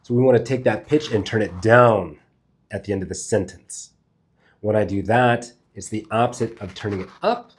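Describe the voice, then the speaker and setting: A man's voice: fairly low pitch, moderate pace. A man giving a casual spoken lesson to camera as a speaking coach, loose and conversational, swearing now and then and thinking aloud as he goes.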